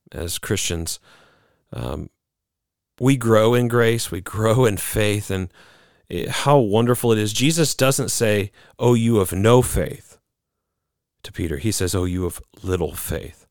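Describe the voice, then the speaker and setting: A man preaching a sermon, earnest and lively, acting out quoted voices in the story he tells. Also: fairly low pitch, no echo, studio quality.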